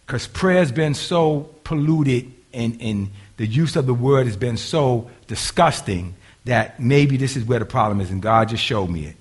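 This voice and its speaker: An older man, a grandfather, preaching a sermon and swinging from hushed asides to loud, raised bursts. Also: mid-range voice, animated, a little slow, hardly any pauses, breathy edge. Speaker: pastor.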